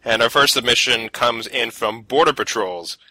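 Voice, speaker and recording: A man's voice: medium pitch, moderate pace, sharp tone, dry recording, low-quality recording. A man hosting a casual podcast, easygoing and laughing often as he reads out listener submissions. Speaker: podcast host.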